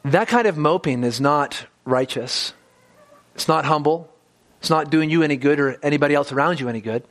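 Male pastor, high register, earnest sermon delivery in church, swells then drops low. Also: a bit bright. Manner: earnest preaching, building to emphatic peaks then dropping low.

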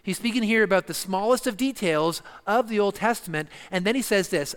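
A man preaching an expository sermon, emphatic and slowing down to stress key words. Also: high-pitched, clear, resonant tone. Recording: long reverb of a church hall.

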